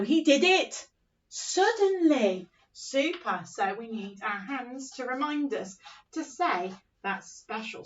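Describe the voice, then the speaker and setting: Woman teacher, slow sing-song phonics lesson, slightly high voice, dull distant recording. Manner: slow, sing-song, encouraging, acts out story lines. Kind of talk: early-years phonics lesson.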